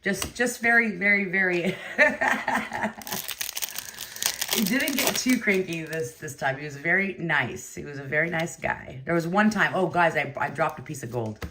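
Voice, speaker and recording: Low-voiced chatty woman opening card packs. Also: measured pace, pushed and bright, a little hiss or hum. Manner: chatty, laughs often, talks to viewers by name. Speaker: card break host. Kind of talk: casual chat while opening cards.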